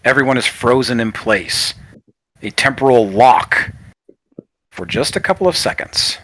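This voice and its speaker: A man's voice: mid-range voice, lively intonation, unhurried, fairly bright tone, no room sound. A man narrating as game master of a tabletop game, describing scenes in a loose way full of fillers.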